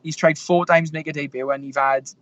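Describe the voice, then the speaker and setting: A man's voice: a little high, fairly even intonation, a little fast, fairly bright tone, lo-fi sound, slight background noise. A young man in his twenties, a fighter, rambling through stories with lots of fillers and restarts. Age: 20s. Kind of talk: casual interview storytelling.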